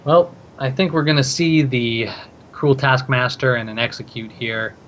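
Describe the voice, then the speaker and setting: A male esports caster breaks down each card-game play in a steady, analytical way, often thinking out loud with small fillers. His voice sits at an ordinary pitch, with a faint hum in the background. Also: a little slow.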